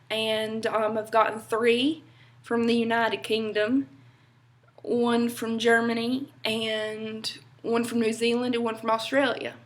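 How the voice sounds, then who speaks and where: A young woman from North Carolina with a Southern accent, chatting casually to camera in a rambling way with lots of fillers. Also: fairly high pitch. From North Carolina, USA. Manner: chatty, rambling, many fillers and little laughs. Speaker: vlogger.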